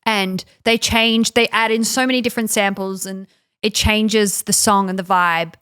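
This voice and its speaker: A woman's voice: medium pitch, fairly even intonation, moderate pace, a bit bright, clear, resonant tone. A woman co-hosting a podcast in casual chat, playful, laughing often and going off on tangents. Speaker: podcast co-host.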